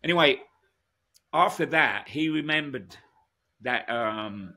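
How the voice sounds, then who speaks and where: A man's voice: medium pitch, expressive, slow, sharp tone. A man, a guest musician telling rambling stories in a casual interview, full of restarts and asides.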